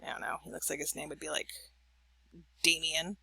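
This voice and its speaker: Bright, chatty woman lecturer. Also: low-pitched, little pitch movement, normal speed, gravelly, breathy edge, no echo. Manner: chatty, anecdotal, frequent "right?". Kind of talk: recorded college lecture.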